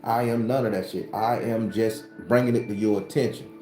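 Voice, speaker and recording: A man hosts a spiritual livestream, talking bluntly and profanely in a preachy, casual way. His voice is mellow and dark. It echoes around a roomy space, with faint music underneath. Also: on the low side, steady tone, a little fast. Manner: blunt, profane, preachy, addresses viewers by name.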